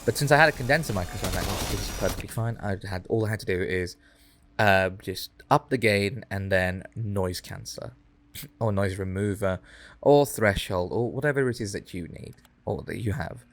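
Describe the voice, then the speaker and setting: A man streaming a game, chatting in a rambling, animated way into a condenser mic close below his chin. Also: lowish voice, normal speed, dry recording. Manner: rambling, animated, drifts off topic. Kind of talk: casual gameplay stream chat.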